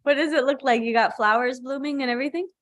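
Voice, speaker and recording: A yoga teacher hosts a casual live-stream chat over a video call, talking loosely and saying "like" a lot. Her voice sits high with a fairly bright tone, and she speaks fast.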